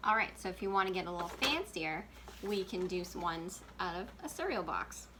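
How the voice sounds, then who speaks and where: A woman's voice: lowish voice, expressive, brisk, background noise. A woman working as a children's librarian, giving a casual, chatty craft tutorial and laughing often. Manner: chatty, giggly, full of fillers.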